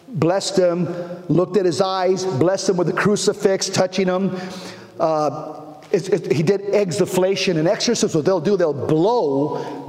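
A fairly high-voiced male preacher tells a story in an animated, stop-start way. His voice rings through a big hall with a long reverb. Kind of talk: storytelling sermon.

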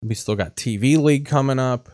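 A man's voice: medium pitch, fairly quick, darkish tone, no room sound, studio quality. A man hosting a podcast, giving crude, sarcastic commentary on news clips. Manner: sarcastic, mocking, profane.

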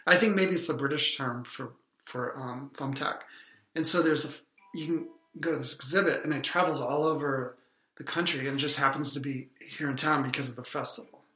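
A man co-hosting an improvised comedy podcast, rambling in a deadpan tone with hesitant ums. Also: mid-range voice, moderate pace, roomy sound, soft background music.

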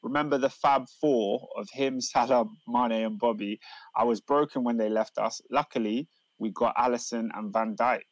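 A man's voice: mid-range voice, fairly even intonation, moderate pace, dry recording, rough recording. A man co-hosting a casual football chat, arguing his points and reading viewer comments aloud. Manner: argumentative, reads comments aloud.

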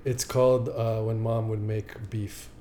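A man's voice: on the low side, level tone, measured pace, dark tone. A man co-hosting a podcast, chatting casually and teasing with dry jokes. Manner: teasing, dry joking asides.

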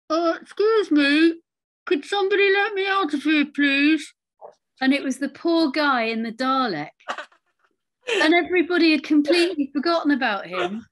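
A middle-aged woman, an actress, telling anecdotes in a relaxed interview, with quiet asides and lively storytelling. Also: a little high.

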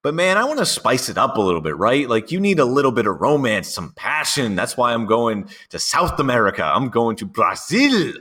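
A man's voice: medium pitch, sing-song, brisk, few pauses, sharp tone. A man co-hosting a podcast, talking in playful, cheeky banter. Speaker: podcast co-host.

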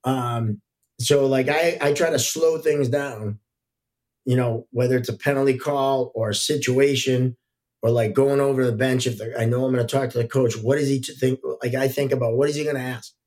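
A middle-aged man, a hockey referee, telling relaxed stories as a podcast guest, with frequent fillers. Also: medium pitch, moderate pace. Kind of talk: casual podcast storytelling.

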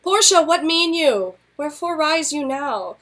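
A woman's voice: high voice, animated, measured pace, a bit bright, voice pushed up. A woman reading the lines of Brutus, a troubled Roman nobleman, in a curt, evasive way.

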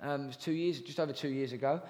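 A man's voice: medium pitch, fast, darkish tone. A young man preaching a sermon, earnest and chatty, with jokey asides to the congregation. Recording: long reverb of a large hall.

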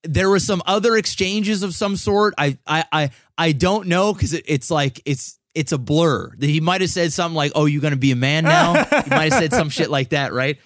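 A man's voice: on the high side, lively intonation, normal speed, few pauses, a bit bright, dry recording, studio quality. A young man co-hosting a podcast, telling a long personal story in casual, profane chat full of restarts. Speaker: podcast co-host.

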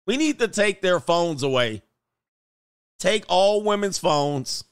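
A man's voice: high-pitched, animated, takes it slowly, clean tone, dry recording, studio quality. A man reacting to video clips in casual, crude, exasperated commentary.

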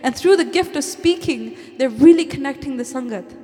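At a moderate pace and with a dark tone, a high-voiced woman gives a heartfelt, earnest inspirational talk to a congregation at a Sikh community event. She blends Punjabi phrases into English, and the hall gives her voice a long reverb.

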